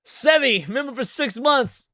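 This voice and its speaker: A man's voice: very high voice, expressive, unhurried, sharp tone, no echo. A man streaming live, reacting to clips with brash, profane, emphatic casual commentary into a close mic.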